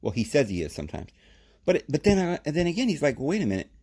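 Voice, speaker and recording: This podcast Bible teacher talks fast, delivering his points in short, emphatic phrases. He's animated, and his pitch jumps without warning.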